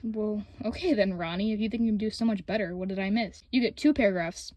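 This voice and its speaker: A woman's voice: medium pitch, fast, darkish tone. A woman hosting a writing-tips video, reading a scripted voice-over in a casual, opinionated, frank way.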